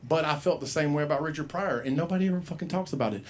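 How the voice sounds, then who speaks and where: Racing along in a slightly high voice, a comedy show host runs an open mic with a handheld mic at a club. He curses freely, rambles, and brings his stories to life by acting out the voices in them.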